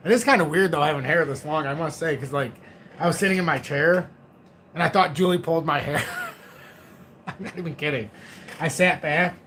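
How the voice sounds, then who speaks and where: A man's voice: a little high, moderate pace, pauses often, fairly bright tone, a little hiss or hum. A man in his forties hosting a crypto livestream, chatting casually in a rambling, joking, self-mocking way. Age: 40s.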